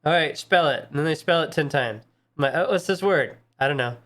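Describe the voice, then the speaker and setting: A man's voice: a little high, brisk. A man co-hosting a casual podcast chat, cursing freely and acting out his kids in quoted lines. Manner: profane, animated, acts out his kids in quotes. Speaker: podcast co-host.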